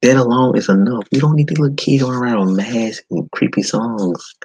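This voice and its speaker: A man hosting a podcast, giving a blunt, animated movie-review monologue with frequent swearing. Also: medium pitch, a little fast, husky, no room sound, poor audio. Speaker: podcast host.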